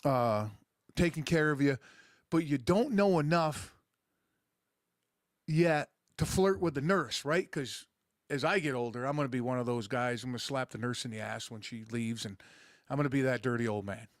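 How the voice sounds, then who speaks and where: A man's voice: medium pitch, normal speed, no room sound, studio quality. A middle-aged man hosting a podcast, talking in a crude, sarcastic, rambling monologue. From rural United States. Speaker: podcast host. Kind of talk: casual monologue.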